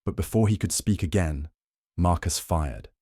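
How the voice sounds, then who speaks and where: Deep-voiced man narrating a thriller. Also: moderate pace, dark tone, dry recording, clean studio sound. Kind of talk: scripted dramatic narration.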